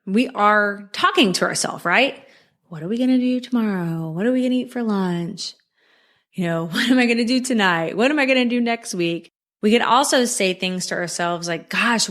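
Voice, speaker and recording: A woman's voice: mid-range voice, a bit bright. Upbeat woman coaching on mindset. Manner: upbeat, coaching, rhetorical questions with frequent "right?" and "you know". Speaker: podcast host. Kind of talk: motivational solo podcast talk.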